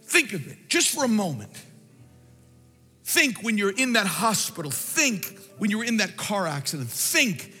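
A man preaching a sermon as pastor in a church, impassioned, swinging from shouts to quiet, hushed passages. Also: sits high, big pitch swings, a little slow, slightly rough, long reverb tail, faint music behind.

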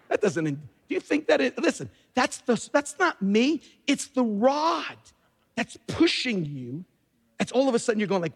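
High-voiced pastor guy preaching, jumps loud then drops quiet, big church echo. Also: moderate pace, husky. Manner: animated, emphatic preaching with sudden pitch jumps and quiet asides. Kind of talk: sermon. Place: church sanctuary. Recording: long reverb of a church hall.

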